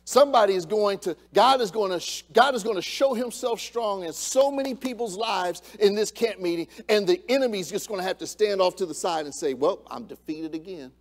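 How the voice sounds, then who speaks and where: A male pastor preaching a sermon in church, swinging between quiet reflection and loud, fired-up exhortation. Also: high voice, brisk, hardly any pauses. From United States. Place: church sanctuary.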